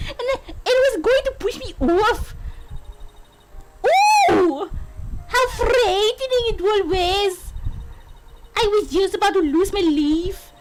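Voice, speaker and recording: A woman doing a fragile, melodramatic young bride from a courtroom game, her voice climbing high in a put-on mock Scottish accent. She stretches every line out slowly and breathlessly. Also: poor audio. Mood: dramatic. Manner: breathless, theatrical, high and drawn out. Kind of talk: reading game dialogue aloud.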